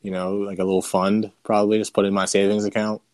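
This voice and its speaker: A man talking with friends in a relaxed, rambling way, his voice often trailing off quietly. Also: on the low side, fast talker. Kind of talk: casual chat with friends.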